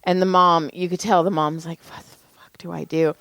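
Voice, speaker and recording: A woman's voice: lowish voice, level tone, fairly quick, a bit bright, no echo. A woman in her forties telling rambling, profane stories in casual chat as podcast co-host. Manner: rambling storyteller, swears freely.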